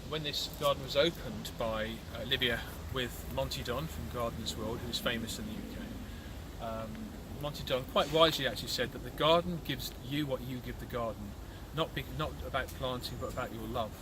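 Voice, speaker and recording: Brummie guy showing folks round, chatty with lots of ums, mid-pitch, traffic noise behind. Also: fairly quick, hardly any pauses. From Birmingham, England. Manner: chatty, explanatory, with fillers. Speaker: tour guide. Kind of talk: casual guided walking tour. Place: outdoors and indoors on a large country estate.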